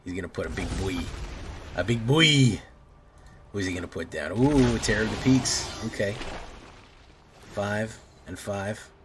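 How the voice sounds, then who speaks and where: A man's voice: lowish voice, moderate pace, noisy background. Rambling, joking man streaming a card game. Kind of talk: casual gameplay commentary.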